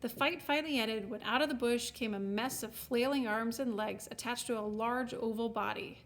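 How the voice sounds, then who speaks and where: A woman with a somewhat high voice reads a children's fantasy chapter aloud. Her narration is wry and expressive, paced like a storybook. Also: moderate pace. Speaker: audiobook narrator.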